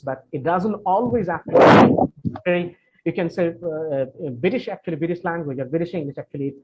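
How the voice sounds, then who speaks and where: A man leading an online question session for students, answering in a friendly, hesitant way with many fillers and restarts. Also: fairly high pitch. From Bangladesh. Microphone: video call. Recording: dull lo-fi video call with faint noise.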